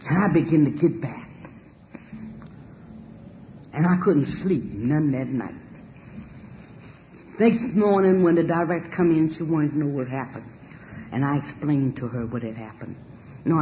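A woman giving a spoken personal testimony, animated and emphatic, swearing freely and laughing as she tells it. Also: sits low, measured pace, long pauses, lo-fi sound, a little hiss or hum. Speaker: storyteller sharing a personal testimony.

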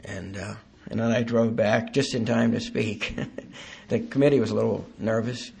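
A man giving a halting, earnest personal testimony at a recovery meeting, with dry self-deprecating humor. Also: lowish voice, fairly even intonation, vocal fry, heavy background noise.

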